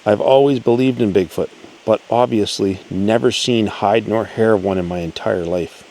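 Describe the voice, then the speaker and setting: A man hosting his channel, reading a listener's encounter story aloud in an earnest, storytelling way with pauses. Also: fairly low pitch, dark tone, poor audio. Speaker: channel host.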